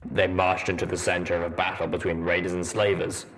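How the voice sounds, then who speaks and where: A man voicing a skeptical male pony soldier in armor, speaking in a deep rumbling voice with a dry, measured deadpan.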